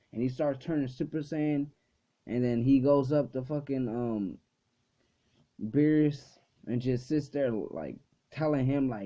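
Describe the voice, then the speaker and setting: An anime reviewer hosts his casual video channel, talking loosely, swearing a lot, and filling his speech with "like." His mid-range voice is animated, mellow, and a little slow, captured on a dull lo-fi recording.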